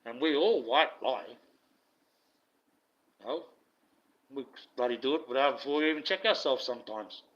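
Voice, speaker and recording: A man's voice: mid-range voice, animated, normal speed, pauses often, fairly bright tone. A man, a self-styled online preacher, delivering a blunt, profane, indignant rant. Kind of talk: ranting monologue. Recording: dull lo-fi recording.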